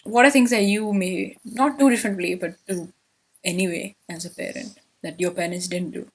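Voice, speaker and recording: Young woman co-host, teasing and relaxed. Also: medium pitch, normal speed, husky, poor audio. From United Kingdom. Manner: teasing, relaxed, laughs often. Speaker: podcast co-host. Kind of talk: casual chat.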